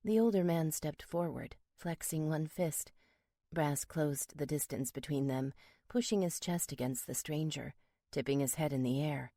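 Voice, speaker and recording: A woman narrating a first-person romance audiobook in a steady, measured way. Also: deep voice, dry recording, clean studio sound.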